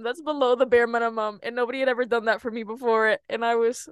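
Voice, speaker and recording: A young woman talks through her own podcast episode in a candid, animated way, laughing at herself and sometimes breaking into sudden high outbursts. Her voice sits a little high. The sound is dry and close, with no room around it. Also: fast, few pauses, clean tone, no room sound. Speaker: podcast host. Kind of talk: personal podcast monologue.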